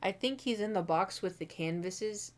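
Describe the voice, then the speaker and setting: A woman's voice: medium pitch, normal speed. A young adult woman streaming from her room at home, chatting candidly and rambling with lots of fillers and the odd swear word. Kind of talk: casual chat.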